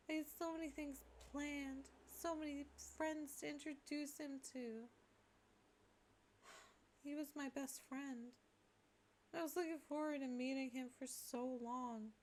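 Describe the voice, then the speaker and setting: A woman's voice: sits high, steady tone, unhurried, a little mellow, slight background noise. A woman voicing a weepy, grieving young girl sprite who is half dog and wails boo-hoo. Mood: mournful. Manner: sobbing, wailing boo-hoos.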